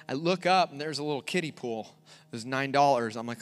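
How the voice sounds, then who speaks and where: A middle-aged male pastor preaching a sermon to a congregation, telling a personal story and rising to forceful emphasis. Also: medium pitch, brisk, soft background music. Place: church before a congregation.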